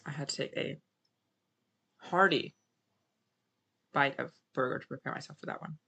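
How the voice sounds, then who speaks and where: A man's voice: mid-range voice, normal speed, creaky, sharp tone, slightly rough. A man streaming a game live, musing aloud to his chat in a rambling, self-correcting way. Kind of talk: casual live-stream commentary.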